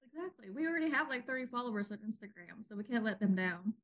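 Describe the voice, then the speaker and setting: Young female podcast co-host, slightly high voice, playful joking delivery. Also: fast, muffled recording. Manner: joking, laughs often. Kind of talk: casual chat.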